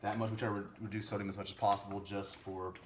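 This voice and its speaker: A young home-cook vlogger talks fast and playfully in his kitchen as he prepares a stew, humming sound effects in between. His lowish voice stays level in tone, and slight background noise is present in this casual cooking vlog.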